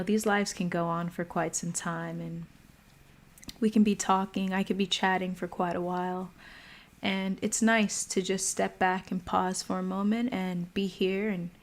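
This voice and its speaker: A woman hosting a livestream mindfulness talk, speaking calmly and pausing often. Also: fairly low pitch. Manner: slow, calm, pausing often. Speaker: meditation host. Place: home.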